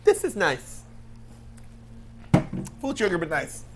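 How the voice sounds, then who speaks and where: A man's voice: sits high, wildly swooping pitch, slow pace, background noise. A man co-hosting a comedy talk show, joking around in loose banter and laughing often.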